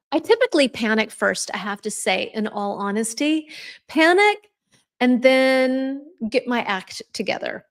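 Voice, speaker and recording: A middle-aged woman teaching English on a live stream, chatting casually and answering viewer comments as she goes. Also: a little high.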